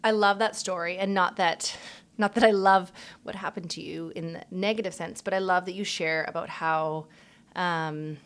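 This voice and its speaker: Woman host of a faith podcast, slightly low voice, affirming and conversational. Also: fairly even intonation, moderate pace, smooth. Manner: warm, affirming, frequent "um" and "mm-hmm". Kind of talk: faith-based casual chat.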